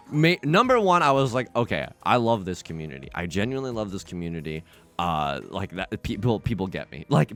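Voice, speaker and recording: A young man talks through his game as he plays, jokey and quick to chat with his viewers. His pitch swings widely and he often bursts out loud, with faint music playing behind him. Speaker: let's play streamer. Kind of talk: casual game commentary.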